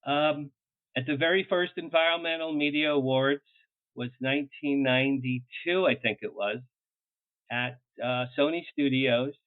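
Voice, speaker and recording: An older man telling showbiz stories as an interview guest, animated and quick to laugh, slipping into little acted bits of what others said. His voice sits at an ordinary middle pitch. It comes through a thin, phone-like line with a dry, close sound. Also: no room sound. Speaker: publicist guest. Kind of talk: anecdotal storytelling in an interview.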